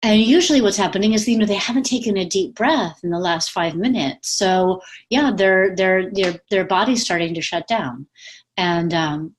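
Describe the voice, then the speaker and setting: Chatty woman giving voice coaching tips. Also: lowish voice. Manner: lively, chatty, laughs easily. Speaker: communication coach. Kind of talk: casual advice talk. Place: home with pets.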